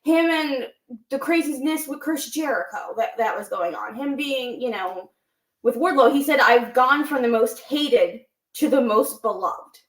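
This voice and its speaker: A woman's voice: high-pitched, expressive, unhurried, roomy sound. A woman co-hosting a casual wrestling podcast, animatedly recapping promos and acting out quoted lines. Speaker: podcast co-host.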